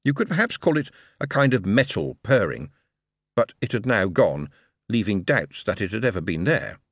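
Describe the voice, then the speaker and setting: Male audiobook narrator, expressive, lively delivery, dry booth sound. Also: on the low side, dry recording. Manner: measured, expressive storytelling. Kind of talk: scripted narration.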